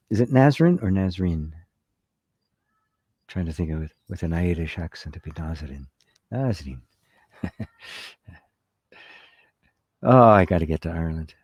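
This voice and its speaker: A man giving a spiritual talk and answering a live chat in a soft-spoken, conversational way, often asking "right?". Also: fairly low pitch, dry recording, clean studio sound. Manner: conversational, repeats words, says "right?" often. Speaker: spiritual teacher.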